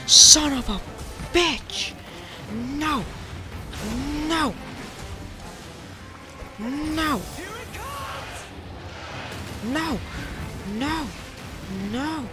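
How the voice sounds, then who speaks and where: A man talks through his own video game fight, mostly in slow, dragged-out muttering. His pitch leaps wildly when he panics, yelling and cursing at the screen. Game music plays clearly underneath. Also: animated. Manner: panicky, yelling, swearing outbursts. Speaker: let's play gamer. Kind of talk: live gameplay commentary.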